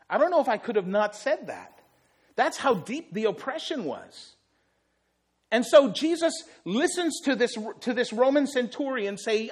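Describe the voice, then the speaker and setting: A man's voice: high voice, lively intonation, normal speed, fairly bright tone. A male pastor preaching a sermon, telling the story vividly and acting out the quotes.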